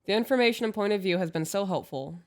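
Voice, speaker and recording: A woman co-hosting an advice podcast, calm and agreeable, reading listener emails aloud. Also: medium pitch, quick pace. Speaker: podcast co-host. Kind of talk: casual advice chat.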